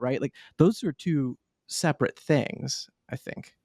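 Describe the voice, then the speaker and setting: A man speaks as a child therapist in a parenting discussion, measured and probing, often asking for clarification. His voice is mid-pitched and recorded dry, with no room around it. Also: darkish tone, slightly rough, no echo. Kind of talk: debate talk.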